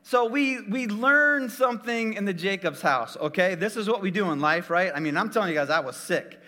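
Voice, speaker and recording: Energetic man telling a sermon story. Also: high voice, long reverb tail. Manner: energetic, jokey, talks straight to the audience.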